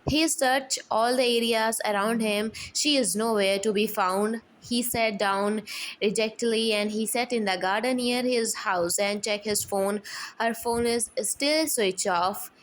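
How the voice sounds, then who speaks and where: A woman's voice: on the high side, steady tone, measured pace, low-quality recording. A woman narrating a fan fiction story in plain, simple sentences with grammar slips.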